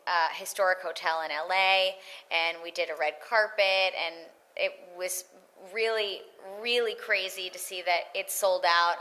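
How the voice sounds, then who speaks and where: A woman's voice: fairly low pitch, rough recording. A woman in her thirties, a voice actress chatting casually in an interview and acting out quoted lines. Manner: animated, acts out quoted lines. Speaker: voice actress guest.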